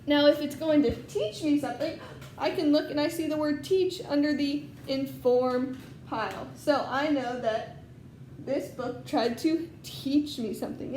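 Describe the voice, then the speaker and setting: A woman's voice: high voice, darkish tone, echoey room, slight background noise. A woman teaching first grade in a recorded lesson, patiently explaining and reading a storybook aloud to young children.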